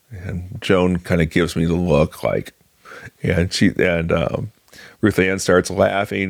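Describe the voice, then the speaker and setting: Low gravelly-voiced man telling a story. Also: dry recording, clean studio sound. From Illinois, USA. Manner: conversational, halting with fillers and restarts, voices other people in quotes. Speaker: storyteller sharing a personal faith story. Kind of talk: casual spoken storytelling.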